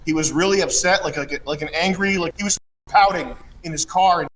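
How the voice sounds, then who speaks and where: High-voiced man ranting casually. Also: fairly quick, slight background noise. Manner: rambling, mocking, bursts into shouting rants. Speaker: show host. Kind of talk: casual chat.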